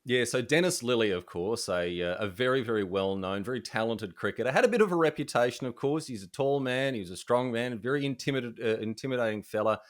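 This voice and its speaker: A young Australian man, a journalist, telling jokey anecdotes in a casual, animated way. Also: medium pitch, fast, hardly any pauses. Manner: animated, jokey, laughs often. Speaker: journalist guest.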